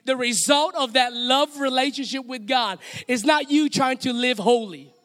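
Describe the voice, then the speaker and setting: A man's voice: extremely high pitch, moderate pace, a bit bright. A man with a Hawaiian accent preaching a sermon as pastor, playful and direct, calling on the congregation to repeat lines back to him. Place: church sanctuary. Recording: long hall reverb.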